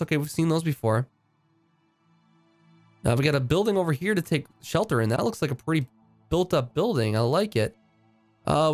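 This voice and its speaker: A man giving casual, upbeat commentary while playing a video game, thinking aloud with frequent fillers and restarts. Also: a little high. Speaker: game streamer.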